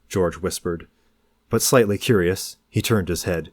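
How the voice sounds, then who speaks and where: Male audiobook narrator: deep, measured, dry close recording. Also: no echo. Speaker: audiobook reader. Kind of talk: novel narration.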